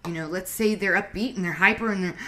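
A woman's voice: mid-range voice, fast talker, pushed and bright. A woman with a Southern US accent giving relationship advice in a blunt, profane, emphatic casual monologue. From Southern United States.

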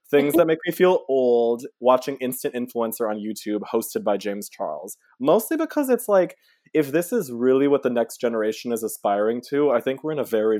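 A man in his twenties co-hosting a podcast in casual chat, wry and quick to laugh. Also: mid-range voice, darkish tone, dry recording, studio quality. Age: 20s. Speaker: podcast co-host. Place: indoors at home.

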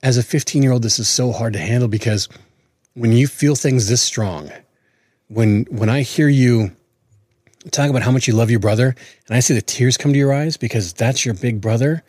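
A man's voice: medium pitch, normal speed, a little mellow, dry recording, clean studio sound. A man in his forties co-hosting a podcast, chatting earnestly and often restarting his words. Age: 40s. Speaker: podcast co-host. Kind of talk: casual chat.

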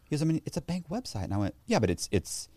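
An interview guest tells a story in a casual interview, animatedly acting out the voices of the people he quotes. His voice is on the high side, his pace is quick, and there's no room sound.

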